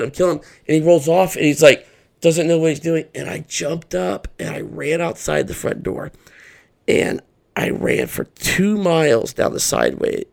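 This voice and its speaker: A middle-aged man, a podcast guest, telling an earnest personal story and acting out what people said. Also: on the high side. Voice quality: gravelly.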